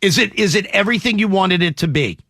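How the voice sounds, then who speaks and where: A man hosts a radio morning show, pressing his guest with eager questions and frequent restarts. His voice sits high and bright with a gravelly edge. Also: expressive, fast talker, no room sound, studio quality. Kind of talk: casual radio interview.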